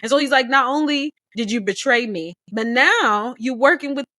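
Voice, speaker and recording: A woman co-hosting a casual book club discussion, animated and opinionated, acting out the characters' lines as she talks. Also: sits high, normal speed, dry recording, clean studio sound.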